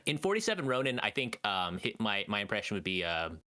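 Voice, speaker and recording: A man co-hosting a podcast, chatting jokily about a movie in an animated, hammy way. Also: on the low side, a little fast. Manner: animated, jokey, swings his voice up and down. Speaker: podcast co-host. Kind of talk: casual comedic movie review chat.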